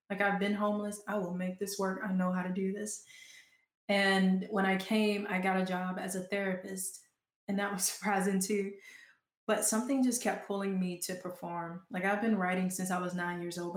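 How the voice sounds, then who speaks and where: Casting: young Southern woman from Georgia, chatty interview guest, fairly flat delivery, echoey room sound. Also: mid-range voice. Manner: chatty, frequent "like" fillers. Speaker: guest, performing artist and author. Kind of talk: casual interview talk.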